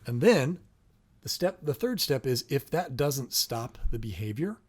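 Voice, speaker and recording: Mid-pitched man explaining parenting steps. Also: big pitch swings, measured pace, breathy edge. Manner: explains step by step, acts out sample phrases. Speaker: co-host, parent. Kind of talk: casual parenting talk.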